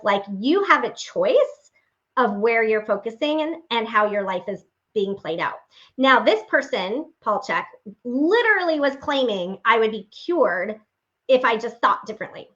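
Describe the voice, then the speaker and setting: A woman giving a personal faith testimony as a motivational speaker. She tells her story in an animated way and speaks earnestly and directly to her listeners. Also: on the high side. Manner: animated storyteller acting out remembered dialogue. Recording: dull lo-fi recording.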